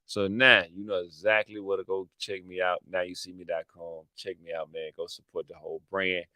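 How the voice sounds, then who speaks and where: The host's voice sits low and sounds sharp, delivered flatly and fairly quickly in a dry, studio-quality recording. Hosting his own channel, he goes on a slangy, repetitive, rambling riff, hyping everything up playfully.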